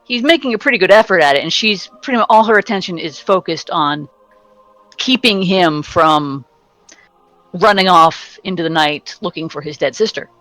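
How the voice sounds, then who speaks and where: A woman narrating a tabletop game as game master, casual and halting. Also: on the low side, animated, a bit bright, dry recording, faint music behind, poor audio.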